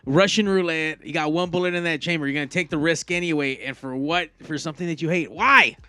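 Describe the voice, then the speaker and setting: A man's voice: on the high side, fast, pushed and bright, clean tone, no room sound. A man co-hosting a podcast who teases and fires pointed questions in casual chat.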